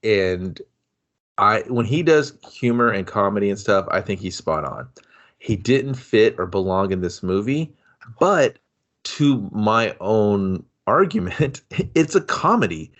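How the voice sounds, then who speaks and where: A man co-hosting a podcast, rambling in bemused disbelief and laughing easily. His pitch jumps around a lot as he talks. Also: very animated, measured pace, lo-fi sound. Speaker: podcast co-host. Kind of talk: casual movie review chat.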